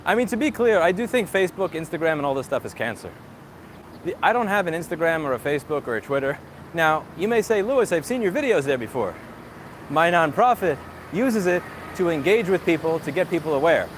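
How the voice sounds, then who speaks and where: A man's voice: fairly high pitch, animated, fairly quick, slight background noise. A man talking casually and sarcastically while walking outdoors, ranting with profanity and dry jokes. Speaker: tech streamer.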